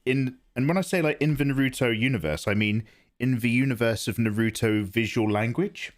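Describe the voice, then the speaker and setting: A man's voice: medium pitch, fairly quick. A man streaming his drawing live, chatting casually and self-deprecatingly while he explains his choices. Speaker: art streamer.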